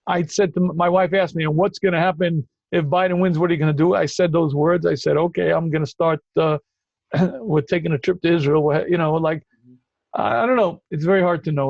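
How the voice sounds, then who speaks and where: A man hosting a call-in Q&A as a rabbi, emphatic and quick to cut in with repeated phrases. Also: on the high side, vocal fry, darkish tone, dry recording, muffled recording. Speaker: rabbi answering callers. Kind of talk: call-in Q&A talk.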